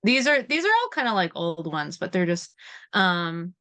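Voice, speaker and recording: A woman's voice: fairly low pitch, normal speed. A woman from West Virginia chatting as a podcast guest, telling stories with frequent laughs. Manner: giggly, lively storytelling. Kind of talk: casual chat.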